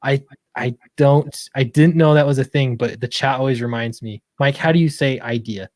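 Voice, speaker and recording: A man's voice: medium pitch, moderate pace, a little mellow, dry recording, clean studio sound. A man from Utah hosting a stream, chatting casually and often trailing off unsure of himself. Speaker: stream host. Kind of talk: casual chat.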